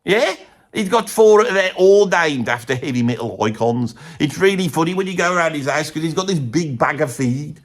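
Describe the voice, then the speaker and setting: Here a man plays a comic pundit with a Birmingham accent, a rambling older heavy metal fan full of blokey charm who loses his thread and says bloody constantly. His voice is fairly high and expressive, at normal speed.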